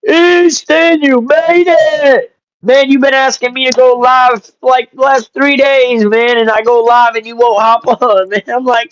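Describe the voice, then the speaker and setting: A man hosting a casual live stream, greeting chat viewers by name and telling stories in an animated, joking way with some swearing. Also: extremely high pitch, moderate pace, no room sound, rough recording. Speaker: livestream host.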